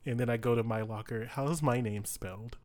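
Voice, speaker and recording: A man playing in a tabletop game, playful and quick to laugh. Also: medium pitch, fairly even intonation, darkish tone. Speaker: player. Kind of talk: casual tabletop role-play.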